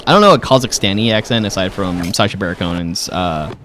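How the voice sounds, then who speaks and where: A man's voice: deep voice, animated, fast, fairly bright tone, slight background noise. A man giving casual, joking let's-play commentary, thinking aloud as he goes. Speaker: gaming host.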